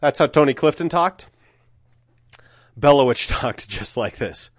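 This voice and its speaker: A man's voice: mid-range voice, lively intonation, a little slow, no echo, clean studio sound. Wry, profane man telling stories. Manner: profane, wry, filler-heavy storytelling. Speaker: solo podcast host. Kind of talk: casual storytelling monologue.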